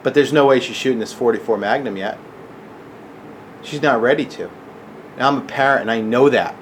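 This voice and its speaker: A man's voice: mid-range voice, fairly quick, pauses often, a little hiss or hum. A middle-aged man ranting angrily to camera, agitated and profane, keeps asking "okay?". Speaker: gun channel vlogger. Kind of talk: angry rant to camera.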